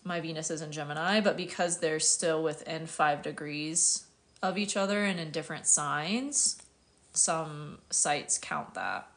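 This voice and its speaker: Bright-voiced American woman chatting on a livestream. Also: low voice, fairly even intonation, a little slow. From United States. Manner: casual, chatty, laughs often, reads viewer comments aloud. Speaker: astrologer.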